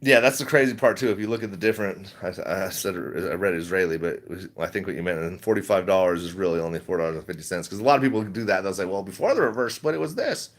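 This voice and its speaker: A man's voice: deep voice, fast, few pauses. A middle-aged man chatting casually on a livestream, rambling and laid-back, laughing often as he talks. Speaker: stock vlogger.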